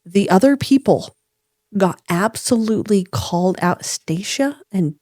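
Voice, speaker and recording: A woman co-hosting a chatty podcast from a room at home. She tells a story in lively fashion, and her pitch leaps up whenever she quotes someone. The sound is close and dry, with no room echo. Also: unhurried. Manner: animated storyteller, voices quoted people with jumps in pitch. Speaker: podcast co-host. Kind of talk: casual storytelling chat. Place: home room with dogs nearby.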